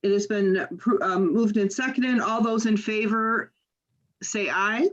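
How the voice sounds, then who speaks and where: A woman chairing an online board meeting, talking slowly with many pauses and fillers. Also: mid-range voice, dull audio. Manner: slow, halting, many fillers.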